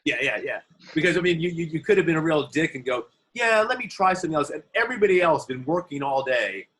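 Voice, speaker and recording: A man, an actor being interviewed, telling animated anecdotes from film sets in a casual way. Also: fairly high pitch, fast talker, poor audio. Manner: animated anecdotes, acts out quoted voices. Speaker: actor guest. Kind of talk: interview storytelling.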